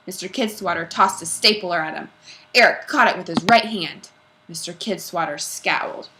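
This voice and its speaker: A woman reading a children's storybook aloud in an expressive way, with character voices. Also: lowish voice, normal speed. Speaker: reader.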